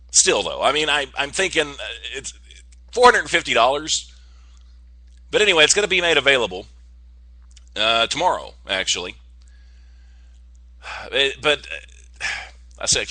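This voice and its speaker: A man's voice: mid-range voice, sharp tone, no echo. A man hosting his own online show, talking casually and joking his way through news stories with rambling asides. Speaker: podcast host. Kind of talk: casual comedic monologue.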